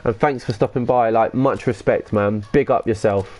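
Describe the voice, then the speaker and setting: A man hosting a live gaming stream, talking loosely and excitably as he plays. He reads out viewer comments and answers them in slangy banter, with the odd swear word thrown in. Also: mid-range voice, normal speed, soft background music.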